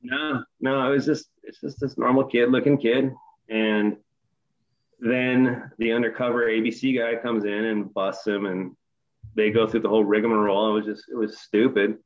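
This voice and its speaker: A middle-aged man in casual chat, retelling a story with animated, profane energy. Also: medium pitch, moderate pace, lo-fi sound. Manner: animated, profane retelling, voice rising in quoted outbursts.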